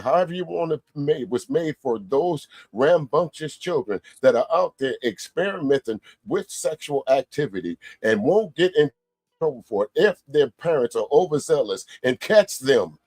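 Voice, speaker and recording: A man hosting a heated panel debate, forceful and lecturing, often interrupting. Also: a little high, lively intonation, moderate pace, dry recording.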